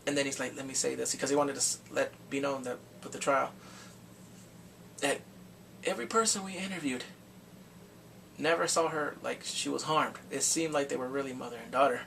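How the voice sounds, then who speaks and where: A man recapping a TV drama in a casual vlog, chatty and excitable, acting out the scenes. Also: mid-range voice, moderate pace, gravelly, pauses often, recorded from a distance, a little hiss or hum, low-quality recording. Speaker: drama reviewer.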